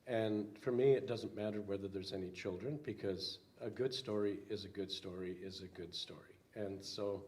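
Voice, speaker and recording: An older man, a minister, reading a children's story aloud slowly with some hesitant fillers. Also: fairly low pitch, steady tone, darkish tone.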